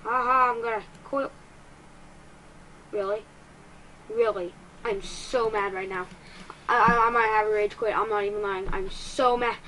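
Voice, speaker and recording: A woman giving excitable let's-play commentary as a gaming YouTuber, quick to get frustrated and poking fun at herself. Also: medium pitch, slight background noise, rough recording.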